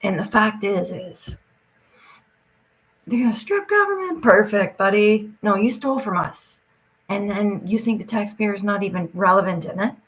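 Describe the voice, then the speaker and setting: A woman's voice: mid-range voice, lively intonation, normal speed, poor audio. A woman talking straight to her audience in an agitated, rambling rant, swearing often and jumping from point to point.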